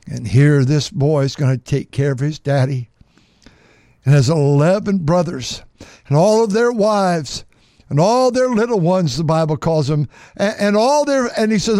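Male preacher, high tenor, fervent sermon delivery with emphatic repetition, dry close sound. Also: unhurried, dark tone, dry recording. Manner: fervent, repeats words for emphasis. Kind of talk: sermon with scripture reading.

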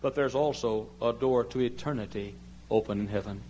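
Impassioned older preacher, pleading then shouting. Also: male voice, medium pitch, moderate pace, highs cut off, a little hiss or hum. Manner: impassioned preaching that swings from soft pleading to loud cries. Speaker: pastor. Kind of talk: sermon. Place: large church sanctuary.

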